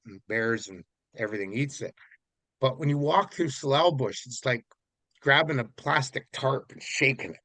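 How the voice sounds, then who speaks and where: A man's voice: mid-range voice, no room sound. A man from Vancouver Island, Canada, telling a story in a casual, rambling way as an interview guest. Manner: rambling, relaxed, many fillers.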